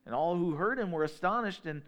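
A man preaching a sermon in a relaxed conversational way, slowing down when he reads scripture. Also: sits high. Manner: conversational, slows down to read scripture. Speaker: pastor.

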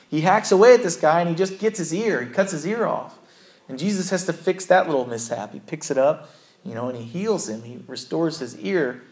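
A man giving a conversational sermon, acting out quotes from the story and his own life. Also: on the high side. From southern United States. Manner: conversational, acts out quotes in character voices. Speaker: preacher.

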